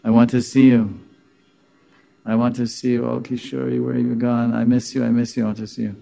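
A grief-stricken young widower wanders and calls out again and again for his lost wife, his voice soft and a little higher than usual, as a gravelly-voiced man puts him on. The calls are plaintive and repeated. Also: flat delivery, a little fast. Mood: longing.

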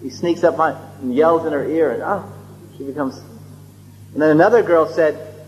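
A man's voice: a little high, moderate pace, darkish tone, faint music behind. A man telling a sacred story in a sermon, chuckling and digressing with frequent restarts. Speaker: religious storyteller. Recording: echoey hall, dull lo-fi, faint hum.

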